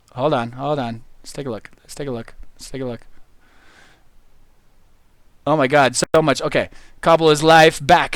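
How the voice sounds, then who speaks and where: A man giving casual live-stream commentary, excitable and giggly, rambling as he goes. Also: a little high, no room sound. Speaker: game streamer.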